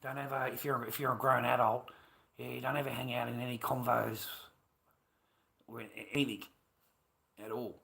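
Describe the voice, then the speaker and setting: A man's voice: mid-range voice, level tone, moderate pace, creaky, pauses often, pushed and bright. A middle-aged man livestreaming, rambling in casual chat with heavy swearing and an agitated, repetitive way of talking.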